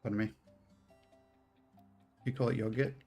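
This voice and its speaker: A man with an Australian accent talks his way through a game stream in a loose, rambling chat, cursing freely and poking fun at himself. His middling voice has a gravelly, fry-laden edge, with soft game music in the background. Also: mid-range voice, fairly even intonation, unhurried. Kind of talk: casual live-stream chat while playing.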